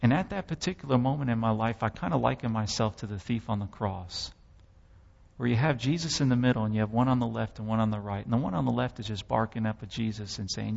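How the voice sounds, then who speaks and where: A man's voice: mid-range voice, fast, gravelly, a little mellow, long reverb tail, lo-fi sound. A man giving a sermon testimony, telling his story with impassioned, dramatic swells.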